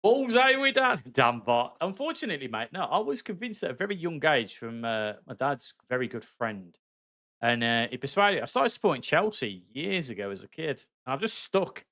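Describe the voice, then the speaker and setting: A man's voice: medium pitch, big pitch swings, normal speed, pushed and bright. Chatty Black Country man streaming. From West Midlands, England. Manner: chatty, friendly, calls viewers mate. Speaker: game streamer. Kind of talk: casual live-stream chat while gaming.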